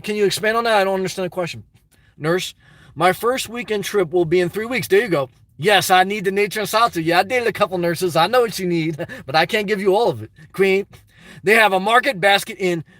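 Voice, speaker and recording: A man hosting a casual livestream, reading viewer chat aloud in a crude, rambling way and breaking into loud, excited rants. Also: high-pitched, no echo, studio quality.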